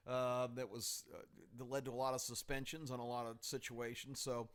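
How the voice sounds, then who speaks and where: A man's voice: mid-range voice, flat delivery, brisk, smooth. A man hosting a casual sports podcast, upbeat and steering the talk.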